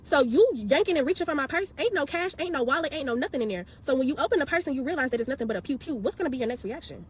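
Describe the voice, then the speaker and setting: Fast-talking animated woman telling a story. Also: high voice, a little hiss or hum. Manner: expressive, slangy, exasperated, acts out quotes. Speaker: storyteller vlogger.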